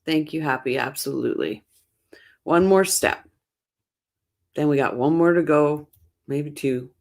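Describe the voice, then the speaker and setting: Woman, low voice, true crime stream host, chatty, opinionated, tired from little sleep. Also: measured pace, a little mellow. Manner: chatty, opinionated, rambling with restarts. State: short on sleep. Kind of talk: casual live-stream chat reacting to chat comments.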